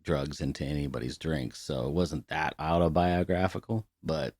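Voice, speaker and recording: A middle-aged man with a very low voice, chatting loosely on a podcast and swearing freely as he spins stories. The sound is dry and close, with no room around it. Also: steady tone, normal speed, a little mellow, no room sound. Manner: loose, profane storytelling with laughter. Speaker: podcast co-host. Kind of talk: casual podcast chat.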